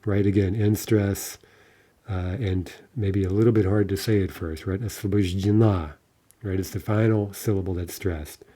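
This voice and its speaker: A man with a low, mellow voice teaches an informal Russian grammar lesson. He says word forms slowly and clearly, and keeps checking in with the listener. His tone is patient and explanatory. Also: fairly even intonation.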